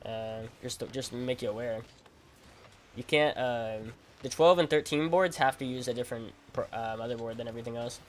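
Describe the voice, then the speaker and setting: A man's voice: medium pitch, brisk, slight background noise. A man streaming a game, chatting casually in slang, rambling and repeating himself as he tells stories. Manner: casual slang, says "bro" and "freaking". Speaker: gaming streamer. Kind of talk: casual livestream chat while playing.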